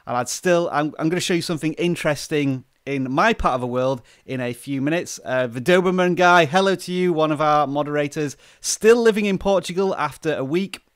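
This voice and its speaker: A man's voice: a little high, brisk, few pauses, smooth, no echo, clean studio sound. Chatty British man hosting a live stream. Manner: chatty, greets viewers by name. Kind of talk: casual live stream chat. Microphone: close desk microphone.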